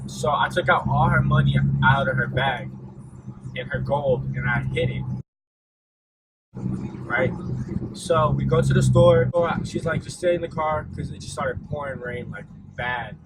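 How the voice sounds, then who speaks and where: A man's voice: mid-range voice, measured pace, pauses often. A young man casually telling a storytime vlog, laid-back and rambling with lots of fillers. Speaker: vlogger. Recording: audible background noise.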